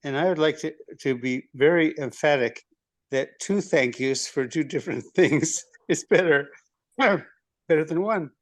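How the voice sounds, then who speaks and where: An older man speaking up in a group video call with a somewhat high voice. He talks in an emphatic, wry and plain-spoken way. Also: measured pace. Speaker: course participant, longtime lawyer. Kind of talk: casual group share.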